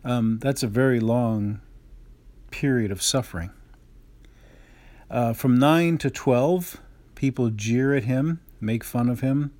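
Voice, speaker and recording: A man who is a Catholic priest, giving a homily after reading a gospel passage aloud, measured and plain, with fillers and restarts. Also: mid-range voice, darkish tone, dry recording.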